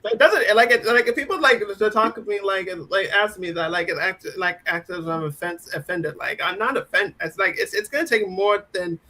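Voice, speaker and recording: High, bright-voiced halting male guest. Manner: halting, full of fillers and restarts. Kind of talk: casual political chat.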